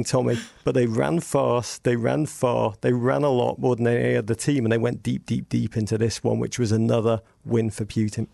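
A man talks as a podcast guest, spinning wry, meandering anecdotes with sarcastic asides. His voice sits mid-range and is thick with gravelly fry. The sound is close and dry. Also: medium pitch, warm tone, dry recording. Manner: witty, digressive storytelling with sarcastic asides. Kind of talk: casual podcast conversation.

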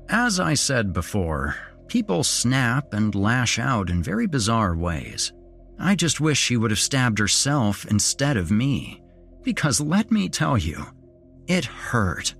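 Husky, low-voiced man narrating horror. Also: fairly bright tone, dry recording. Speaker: storyteller. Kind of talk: first-person horror narration.

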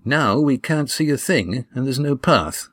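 A man's voice: medium pitch, lively intonation, a little slow, fairly bright tone, dry recording, clean studio sound, pitched above the performer's own voice. A man voicing a worried young companion in an audiobook, asking anxious questions.

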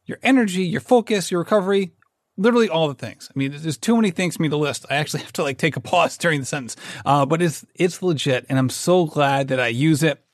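A man's voice: fairly high pitch, quick pace, dry recording, studio quality. Chatty man with a raised voice. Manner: chatty, searching for words, fillers. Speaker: podcast host. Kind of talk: casual interview questions and ad reads.

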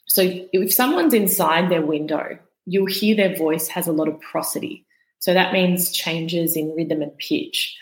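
A woman with a fairly low voice explains things patiently on a podcast. She talks calmly and steadily as a guest. The recording has a roomy echo. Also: a little slow. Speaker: podcast guest, vagus nerve educator.

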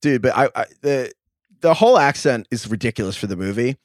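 A man co-hosting a football podcast in casual chat, excitable, laughing often and stumbling over his words. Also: mid-range voice, a little fast, no room sound, studio quality. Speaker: fantasy football podcast co-host.

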